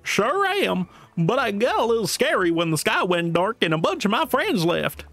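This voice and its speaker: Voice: mid-range voice, very animated, normal speed, a bit bright, faint music behind, pitched above the performer's own voice. A streamer voicing a friendly, clumsy cartoon dog man while reading game dialogue aloud, full of "gosh" and folksy drawl. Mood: excited.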